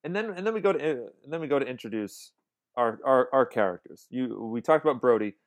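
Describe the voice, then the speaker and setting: A man's voice: mid-range voice, animated, quick pace. A man co-hosting a casual film podcast, enthusiastic and rambling, restarting his sentences often. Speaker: podcast co-host.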